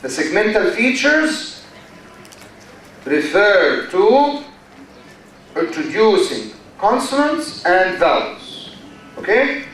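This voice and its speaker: A man's voice: sits high, fairly bright tone, a little hiss or hum. A man with an Egyptian accent, a university lecturer giving a classroom lecture, who repeats key terms and keeps checking with "okay?". His native language is Arabic. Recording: echoey hall, voice far from the mic.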